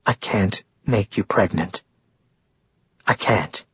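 A man doing a calm, low-voiced protective lover. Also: slow, breathy edge, muffled recording, full character voice. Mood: firm. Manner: calm, firm, low and soft.

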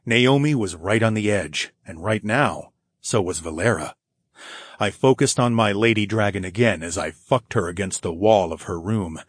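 A man narrating a romance audiobook in the first person, with a low, intimate delivery and soft sighs. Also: breathy edge, no room sound, clean studio sound.

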